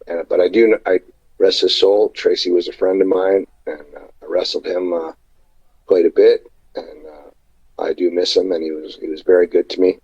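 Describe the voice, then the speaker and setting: Husky deep-voiced man telling rambling stories. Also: flat delivery, darkish tone, highs cut off. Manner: rambling, halting anecdotes with many fillers. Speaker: wrestler guest. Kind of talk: casual storytelling interview. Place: indoors at night, remote call.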